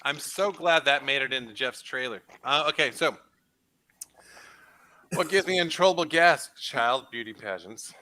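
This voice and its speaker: A man's voice: medium pitch, moderate pace. A man hosting a casual card-game chat, joking loosely and breaking into laughter. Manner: joking, animated, bursts of laughter. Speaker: host.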